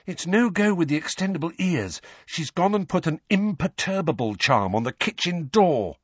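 A man reading an audiobook, voicing a bright young girl who talks in a breezy way. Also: fairly high pitch, expressive, moderate pace, slightly rough, no room sound, lo-fi sound, pitched above the performer's own voice.

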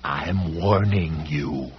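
A man voicing a menacing, supernatural male library policeman who speaks slowly and low with husky threat. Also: heavily acted. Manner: slow, threatening, low delivery. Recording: dull lo-fi recording.

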